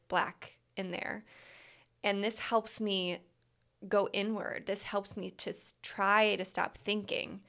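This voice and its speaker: Female host, reflective solo talk, lots of "like," gravelly yet smooth tone. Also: lowish voice, fairly bright tone. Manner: candid, reflective, frequent "like" fillers. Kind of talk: candid personal monologue.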